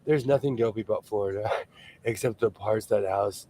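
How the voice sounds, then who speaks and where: A man's voice: medium pitch, animated, moderate pace. A man hosting a casual chat, reading comments aloud and laughing often. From California. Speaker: host.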